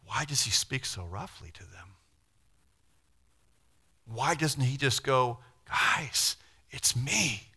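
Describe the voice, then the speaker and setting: A middle-aged man preaching a sermon in an animated, conversational way, swinging between loud bursts and quiet asides. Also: medium pitch, slow pace, long pauses, slightly rough. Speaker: pastor.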